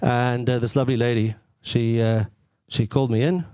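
A relaxed young man with a South African accent, bantering on a radio show. He rambles through stories and swears casually. His voice sits dry and close to the mic. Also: mid-range voice, moderate pace, smooth, no room sound. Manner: loose, chatty, swears casually. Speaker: radio co-host.

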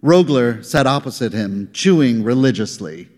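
Male reader, live story reading, measured and dry, long hall reverb, mid-range voice. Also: mid-range voice, expressive, a little mellow.

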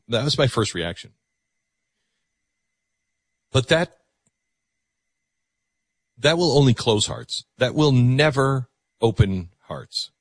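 A man's voice: medium pitch, expressive, slow pace, long pauses, dry recording. A man hosting a call-in radio show, taking callers in an earnest, reflective way with frequent stammered restarts. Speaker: radio talk show host.

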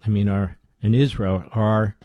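A middle-aged man hosting a political talk radio show, talking emphatically with rhetorical questions and dropping low for asides. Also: fairly even intonation, moderate pace, mellow, no echo.

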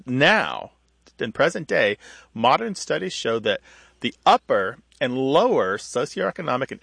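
Gravelly-voiced man explaining word history. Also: mid-range voice, fairly bright tone, no echo. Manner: thoughtful, explains at length with small restarts. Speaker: radio show co-host, language expert. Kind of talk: explanatory radio talk.

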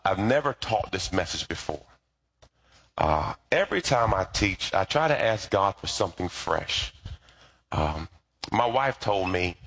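Man, middle-aged pastor, husky voice, animated pitch, playful conversational sermon, call and response.

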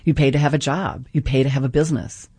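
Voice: mid-range voice, steady tone, quick pace, a little mellow, husky, dry recording. A radio guest and group organizer explaining ideas earnestly, often checking in with the listener. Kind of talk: explanatory radio interview talk.

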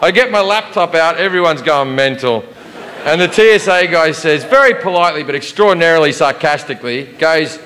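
A man from Australia with an Australian accent, telling a stand-up story in a fast, profane, conversational way. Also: fairly high pitch, animated, long reverb tail, noisy background. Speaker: stand-up comedian.

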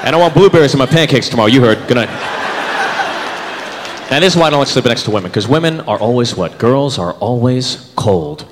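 A man in his thirties performing a stand-up comedy set, animated and jumping into character voices. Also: mid-range voice, fairly quick, a crowd in the background. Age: 30s. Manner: animated, switches into voices for bits. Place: comedy club stage with live audience. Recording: reverberant club, audience laughter, room noise.

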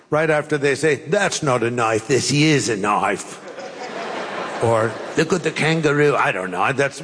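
An older man preaching a sermon, telling folksy stories with jokes and pauses. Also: on the high side. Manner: folksy, jokey storytelling with pauses. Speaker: pastor. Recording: long hall reverb.

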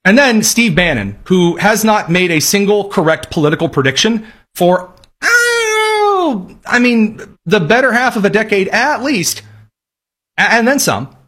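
A man's voice: sits high, animated, moderate pace, fairly bright tone, husky. A man delivering sarcastic, emphatic political commentary in a ranting style. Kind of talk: opinionated commentary.

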